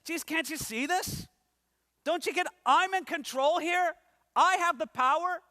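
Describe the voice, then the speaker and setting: A preacher putting on an exasperated Roman governor. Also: male voice, very high voice, a little slow, pushed and bright, voice pushed up, heavily acted. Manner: pleading, insistent, stammering repeats. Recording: long hall reverb.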